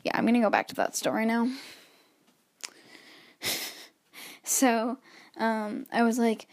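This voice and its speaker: A woman's voice: fairly high pitch, fairly even intonation, moderate pace, pauses often. A teenage girl hosting her own podcast alone, talking nervously and rambling with lots of restarts, a little wheezy, while pacing around her bedroom. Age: teens. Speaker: podcast host. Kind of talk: solo podcast chat.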